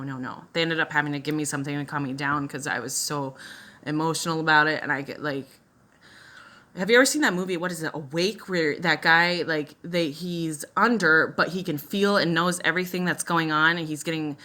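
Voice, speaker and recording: Low, bright-voiced young woman vlogger. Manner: chatty, emotional, many fillers and restarts. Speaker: makeup vlogger. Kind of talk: casual personal storytelling.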